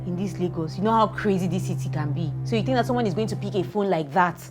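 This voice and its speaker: A woman's voice: lowish voice, fast talker, lightly acted. An actress playing a distraught young woman who lost her phone, fretful, with a Nigerian accent. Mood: exasperated. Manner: fretful, exasperated. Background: background music.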